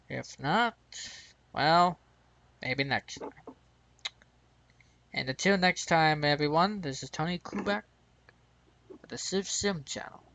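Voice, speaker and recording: A man's voice: on the high side, gravelly, fairly bright tone, no echo, dull audio. An American man hosting his gaming channel, rambling through casual gameplay commentary and chuckling at his own mistakes. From United States.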